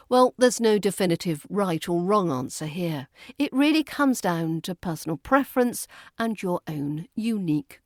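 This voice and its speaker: British lady accent coach, super slow careful delivery, dry close sound. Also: medium pitch, a little mellow, no echo. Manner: slow, deliberate, stresses each word clearly. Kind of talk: pronunciation lesson.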